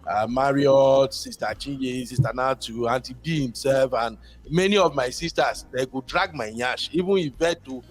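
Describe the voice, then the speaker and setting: A man's voice: mid-range voice, moderate pace. A Nigerian man calling in to a talk show, chatting casually and rambling, slipping into Pidgin. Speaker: caller. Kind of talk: casual call-in chat.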